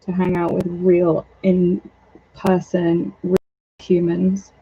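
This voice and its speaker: A woman's voice: fairly low pitch, monotone, takes it slowly, mellow, husky, muffled recording. A woman chatting in a rambling, self-deprecating way while working on a craft project at home. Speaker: doll maker. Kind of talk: casual vlog chat while crafting.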